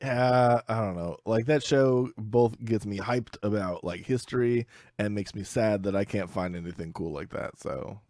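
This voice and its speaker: A man's voice: on the low side, moderate pace, few pauses, a little mellow, dry recording, clean studio sound. A man co-hosting a casual podcast, easygoing and joking, laughing along with his partner. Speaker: podcast co-host.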